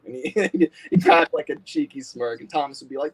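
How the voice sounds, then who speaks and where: Male stream host, upbeat and chatty, somewhat high voice with big pitch swings, frequent laughter. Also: normal speed, slightly rough, rough recording. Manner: animated, laughs often, many fillers. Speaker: livestream host. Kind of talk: casual livestream chat.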